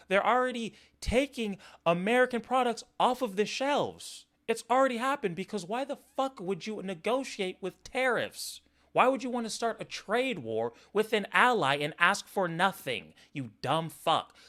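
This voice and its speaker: A man's voice: sits high, a bit bright. Profane ranting streamer man. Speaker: streamer reacting to podcast clips. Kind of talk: angry reaction commentary.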